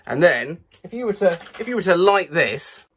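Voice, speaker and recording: A man hosting a comic video, excitable and swearing as he tries silly sound requests. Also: high voice, normal speed, husky. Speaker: YouTube host. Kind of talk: comic vlog reading out viewer sound requests.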